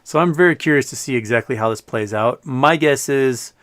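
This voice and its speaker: Male streamer, mid-pitched, casual rambling delivery, informal. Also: fairly quick, fairly bright tone. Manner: rambling, loose and informal, many fillers and restarts. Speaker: livestream host. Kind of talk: casual livestream talk.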